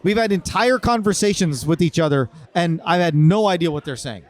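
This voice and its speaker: A man's voice: high-pitched, lively intonation, fairly quick. A man, a comedian guest, telling stories in casual podcast chat. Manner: storytelling, slips into accents and character voices.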